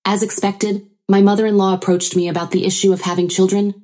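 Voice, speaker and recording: A woman narrating a first-person story in a steady storytelling delivery. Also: medium pitch, quick pace.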